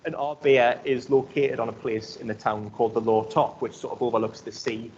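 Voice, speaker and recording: A man's voice: mid-range voice, little pitch movement, fairly quick, darkish tone. A young man with a Geordie accent from South Shields giving an academic talk in a loose, conversational way, full of "um" and "like". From South Shields, North East England. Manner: conversational, many fillers like um and like. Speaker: archaeology lecturer. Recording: dull lo-fi recording with faint noise.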